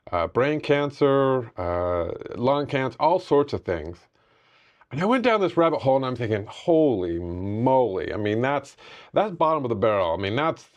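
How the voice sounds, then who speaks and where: A man talks straight to camera in a personal vlog, reflective and determined, often stopping to restart a thought. His pitch sits in the middle range. The sound is a little muffled and lo-fi. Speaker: vlogger sharing a personal health update. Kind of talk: candid talking-head vlog.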